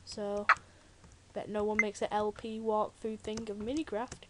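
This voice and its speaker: A woman's voice: medium pitch, level tone, unhurried. A teenage girl with a British accent, giving chatty, jokey commentary while playing a video game, full of rambling asides. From Britain. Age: teens. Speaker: Let's Play gamer. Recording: loud keyboard typing noise. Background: loud keyboard clicks and typing.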